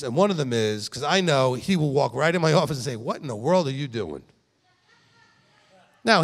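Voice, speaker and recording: A middle-aged man, the rabbi who founded the congregation, giving a conversational sermon in an emphatic manner, often checking in with listeners. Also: fairly high pitch. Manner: animated, emphatic, speaks directly to listeners with frequent "okay?". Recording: long reverb in a hall.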